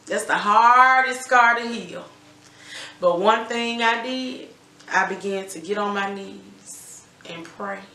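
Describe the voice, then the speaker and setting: A woman's voice: medium pitch, slow, bright, forceful tone. A middle-aged woman giving an emphatic, candid personal testimony about her life, swearing freely. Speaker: guest telling her life story. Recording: roomy echo.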